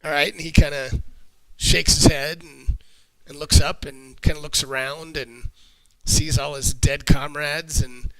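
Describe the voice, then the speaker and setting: A man narrating a tabletop game as game master, relaxed and easygoing. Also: on the high side, unhurried, rough recording.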